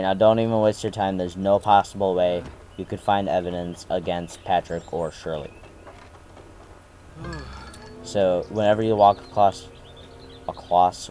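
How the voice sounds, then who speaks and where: A man's voice: low voice, mellow, a little hiss or hum. A man giving casual let's play commentary, reading game text aloud with dry, sarcastic asides.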